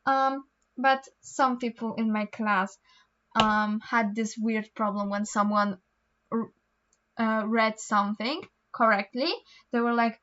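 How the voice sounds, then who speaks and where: Polish teen girl yapping while doing homework, high bright voice, kinda muffled audio. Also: steady tone, slow. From Poland. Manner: chatty, rambling with many ums and restarts. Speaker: vlogger.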